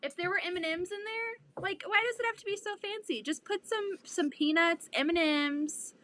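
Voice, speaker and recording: A woman's voice: very high-pitched, moderate pace, sharp tone, a little hiss or hum. A young woman co-hosting a casual chat, teasing and laughing, with mock-dramatic groans.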